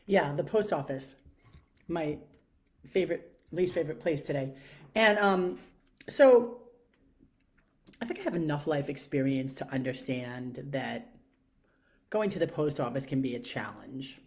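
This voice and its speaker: A woman's voice: low-pitched, expressive, unhurried, pauses often, a little mellow. A middle-aged woman with a New York accent, telling a reflective story with many fillers and self-questions. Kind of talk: reflective monologue.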